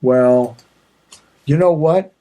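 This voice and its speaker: A man's voice: fairly high pitch, very slow, mellow. A man hosting his own podcast, chatting in a digressive, self-mocking way with many fillers and restarts. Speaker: podcast host. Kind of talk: rambling solo podcast chat.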